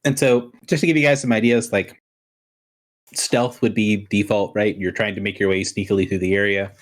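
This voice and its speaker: A man narrating and explaining options as game master of a tabletop game, in a relaxed, rambling way. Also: lowish voice, normal speed.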